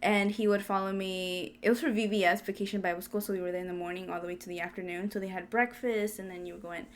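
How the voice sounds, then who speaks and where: A woman's voice: mid-range voice, fast. A young woman co-hosting a podcast, telling a personal story in casual chat and acting out what people said. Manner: animated, laughs often, acts out quotes. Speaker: podcast co-host.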